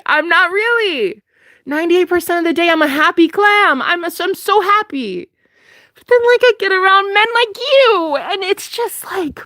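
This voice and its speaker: A young woman ranting and taunting in a profane vlog monologue, dropping into a low growl at times and breaking into half-rapped lines. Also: no room sound, studio quality. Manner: profane, taunting, swings between low growl and high shout. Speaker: vlogger. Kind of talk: ranting to camera, half rapping.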